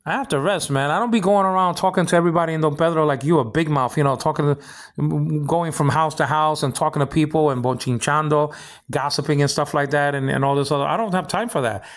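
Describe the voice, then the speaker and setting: Man, high gravelly voice, rambling indignant rant full of stammered restarts. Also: quick pace. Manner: indignant complaining. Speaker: vlogger. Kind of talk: ranting personal monologue.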